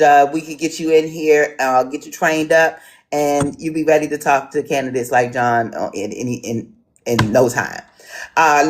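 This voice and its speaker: A woman from Washington, D.C. moderating an online town hall, talking casually with lots of ums and restarts. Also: low voice.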